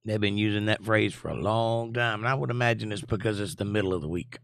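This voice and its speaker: A man hosting a casual live stream and reading chat aloud, hoarse with his voice almost gone, scratchy and low, joking in a laid-back way. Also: quick pace, hardly any pauses, a bit bright, no room sound, clean studio sound.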